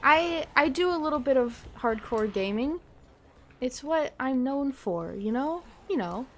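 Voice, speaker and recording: A woman's voice: high-pitched, animated, measured pace, slight background noise. A young adult woman streaming a game live, chatting casually, swearing freely and laughing often. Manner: giggly and profane, laughs often. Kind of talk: casual chat while gaming live.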